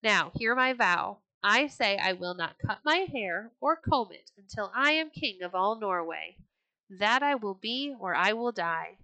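A woman voicing a brash young Viking king who speaks in booming exclamations. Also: lively intonation, a little slow, pushed and bright, no echo, poor audio. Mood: boisterous.

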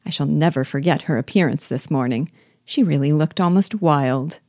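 A woman's voice: deep voice, normal speed, a little mellow, dry recording, studio quality. A woman reading aloud, voicing a gossiping, condescending married lady. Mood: gossipy. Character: gossiping disdainful married lady, Mrs Hurst.

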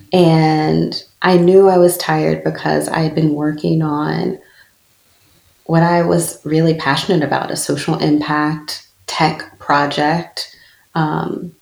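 A woman's voice: low-pitched, creaky. A woman in her thirties, a spiritual speaker, telling a personal story in an earnest, reflective way during an interview. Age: 30s. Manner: earnest, personal, with soft laughs. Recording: echoey room.

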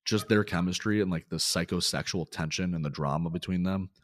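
Deep-voiced man chatting about movies. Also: a little fast, no echo, studio quality. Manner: loose, profane, laughs often. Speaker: podcast host. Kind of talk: casual movie chat.

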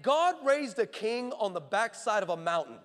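A man preaching a sermon in a high, bright voice, driving his points home with rhythmic repetition. He swings from storytelling into impassioned near-shouts. The sound rings with the long reverb of a large hall. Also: big pitch swings, moderate pace.

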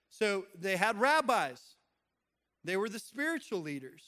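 A man preaching a sermon to his congregation, conversational and joking, dropping quiet for emphasis. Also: sits high. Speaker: pastor. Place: church in front of a congregation.

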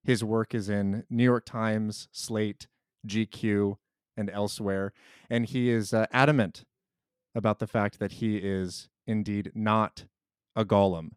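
A man hosting a casual film podcast, joking and then introducing the guest in measured host patter. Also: lowish voice, fairly even intonation, clean tone, dry recording, clean studio sound.

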